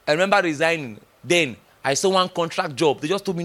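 Male preacher, middle-aged, high-pitched, emphatic, teasing sermon delivery. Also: fast, few pauses. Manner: animated, emphatic, teasing, with laughs and acted-out dialogue.

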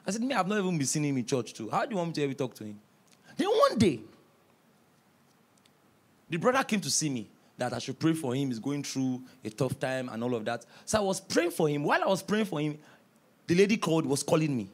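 A man preaching from the pulpit, acting out stories with quoted voices and building to loud, forceful shouts. His voice sits high for a man and swings widely in pitch. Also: quick pace. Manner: storytelling, animated, rising to shouts. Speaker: pastor. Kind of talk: sermon.

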